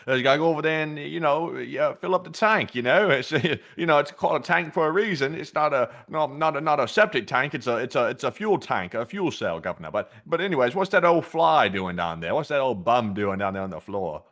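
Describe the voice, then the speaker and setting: A bossy, mocking landlord of a man who nags a tenant about the rent and keeps addressing him as "Governor", as a man puts him on for a laugh. He sounds pushy and teasing, with a mid-pitched voice that jumps higher in places. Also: expressive, fairly quick, hardly any pauses, a bit bright.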